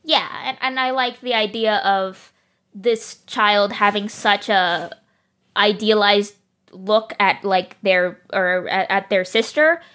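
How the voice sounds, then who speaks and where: A woman's voice: medium pitch, steady tone, slow, a bit bright. A woman chatting casually as a tabletop game player, enthusiastic and giggly, often stopping mid-sentence. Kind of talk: casual chat.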